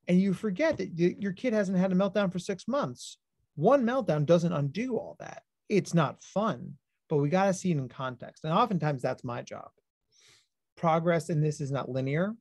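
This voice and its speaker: A man, a clinical psychologist, giving a high-energy livestreamed talk to parents, explaining ideas plainly and acting out lively stories to make his points. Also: no room sound. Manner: high-energy, animated storytelling.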